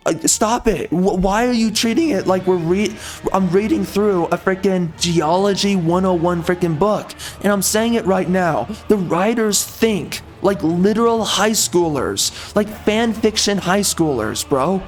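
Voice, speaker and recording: Man, game reviewer, ranting, sarcastic, high voice, faint music behind. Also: normal speed. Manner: sarcastic, exasperated, blunt.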